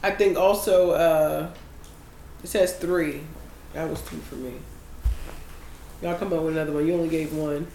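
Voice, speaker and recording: A young woman in casual group chat, animated and swearing when worked up. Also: deep voice, normal speed, vocal fry, pauses often. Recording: echoey room with faint noise.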